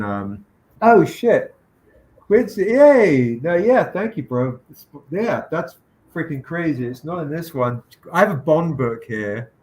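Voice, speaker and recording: Man telling a story on a livestream. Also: lowish voice. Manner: animated anecdote with quoted voices. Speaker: comic publisher hosting a livestream. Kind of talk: casual storytelling chat.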